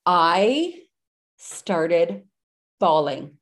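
A woman's voice: medium pitch, moderate pace. A woman in her thirties, a podcast guest telling a story casually over a video call, filling her talk with "like". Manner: chatty, heavy use of "like" fillers.

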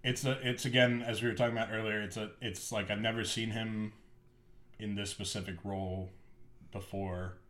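A man's voice: lowish voice, flat delivery, moderate pace, fairly bright tone, reverberant. A man co-hosting a podcast, chatting casually and rambling with lots of fillers. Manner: rambling, filler-heavy, enthusiastic. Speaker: podcast co-host. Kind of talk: casual chat.

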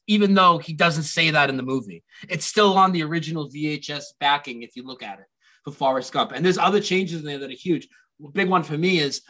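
A man's voice: a little high, moderate pace, rough recording. A man as a guest in a casual conversation, eagerly telling stories and quoting movie lines. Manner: animated storytelling, quotes movie lines.

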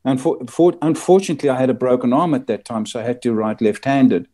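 A man's voice: medium pitch, lively intonation, fast, mellow. An older man who grew up in the Belgian Congo, telling rambling anecdotes as a guest in a casual interview. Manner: rambling anecdotes with frequent murmured agreement.

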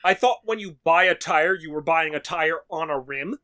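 A man telling a frustrated story in casual chat, animated and swearing, acting out what people said. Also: a little high, moderate pace. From New York. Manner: animated, swearing, acts out quotes. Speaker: podcast co-host.

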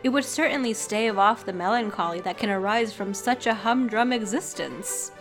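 A woman voicing a polite young Regency gentleman in a formal, courteous and slightly evasive way. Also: mid-range voice, normal speed, over music, natural voice.

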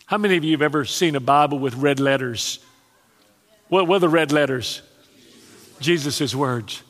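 A man preaching a sermon, telling stories with dramatic pauses and chuckling asides. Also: mid-range voice, fairly bright tone. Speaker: pastor. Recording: long hall reverb.

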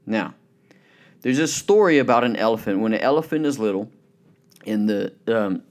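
A man preaching a sermon, telling illustrative stories and slowing down to stress the key points. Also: fairly low pitch, animated, a little mellow. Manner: storytelling, emphatic, slows down on key points.

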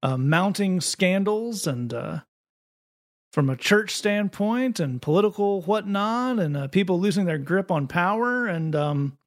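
A man's voice: sits high, measured pace. A man hosting a casual podcast chat, talking in a sardonic, mocking way. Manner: sardonic, mocking delivery with animated read-out quotes. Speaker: podcast host.

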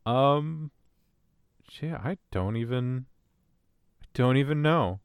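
A man co-hosting a casual podcast chat, swearing and laughing, slipping into quick mocking quotes. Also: medium pitch, expressive, smooth, dry recording, studio quality. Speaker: podcast co-host.

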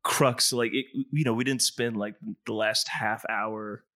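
A man's voice: fairly low pitch, steady tone, a little slow, sharp tone, no echo, clean studio sound. Rambling podcast co-host man. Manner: rambling, laughs often. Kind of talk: casual chat.

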